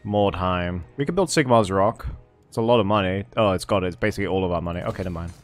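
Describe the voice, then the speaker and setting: A man's voice: sits low, fast talker, soft background music. A man giving casual commentary as he plays a strategy game, thinking aloud and swearing under his breath. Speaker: gameplay streamer. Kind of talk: casual let's-play commentary.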